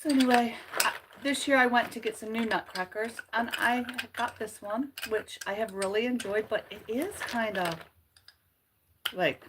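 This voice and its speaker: A woman hosts a relaxed livestream in a chatty, playful way and is quick to find her own jokes funny. Her voice sits at an ordinary middle pitch. A faint hiss of noise runs under it. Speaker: channel host. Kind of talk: casual livestream chat.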